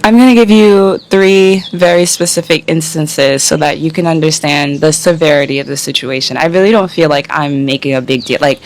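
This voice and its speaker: A young woman from the United States talks straight to the camera in a candid travel vlog. She is blunt and exasperated, swearing freely as she recounts her experiences, and she slips into mocking voices of the men who catcalled her. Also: sits low.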